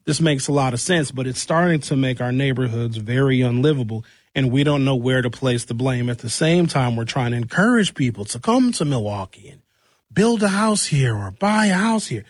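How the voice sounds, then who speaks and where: A man hosting a talk show who is hoarse from recent shouting, giving blunt, conversational commentary on local news and asking rhetorical questions. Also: mid-range voice, lively intonation, moderate pace, no room sound, studio quality.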